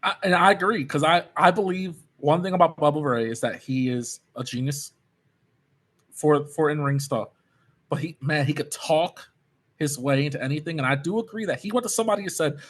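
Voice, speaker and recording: A man's voice: a little high, a little fast, fairly bright tone. A man co-hosting a podcast in casual chat, often repeating words as he starts. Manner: stammers on repeated words, chatty. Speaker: podcast co-host.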